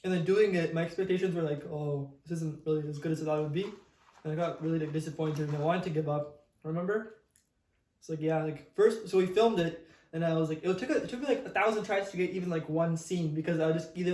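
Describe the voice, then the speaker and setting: A man's voice: a little high, fairly even intonation, a little mellow, roomy sound. A young man co-hosting a podcast, chatting casually and rambling with lots of fillers. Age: young adult. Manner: quick, rambling, many fillers. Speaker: podcast co-host. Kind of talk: casual chat.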